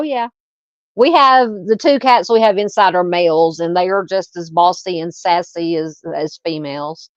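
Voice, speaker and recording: A woman with a Southern American accent and a fairly low voice hosts a casual livestream, chatting and reading viewer comments aloud. The recording is muffled, with no echo.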